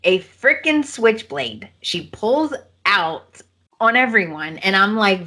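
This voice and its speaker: A woman hosting a podcast, telling a story in casual chat, animated and acting out the quotes. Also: mid-range voice, takes it slowly, breathy edge. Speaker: podcast host.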